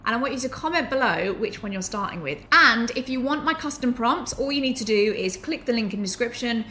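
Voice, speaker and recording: A woman's voice: a little high, lively intonation, brisk, pushed and bright, a little hiss or hum. A woman, teaching to camera in a chatty, enthusiastic way with anecdotal asides. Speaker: online business educator.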